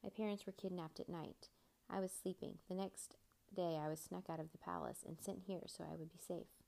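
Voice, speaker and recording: A woman's voice: fairly low pitch, fairly even intonation, normal speed, creaky, warm tone. A woman voicing a polite young boy prince in a storybook reading, speaking formally without contractions. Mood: earnest.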